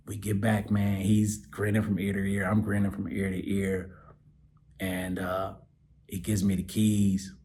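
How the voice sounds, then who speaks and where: A man hosting a podcast, telling a personal story in an animated way that sinks into soft, choked-up near-whispers. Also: deep voice, slight background noise. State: choked up, close to tears. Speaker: podcast host.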